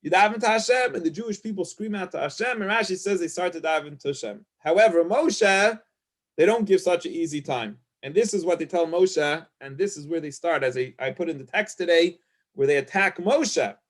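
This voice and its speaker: A man's voice: high voice, brisk. A male rabbi giving a casual Torah lesson, reading out Hebrew verses and paraphrasing them in chatty English. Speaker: rabbi teacher.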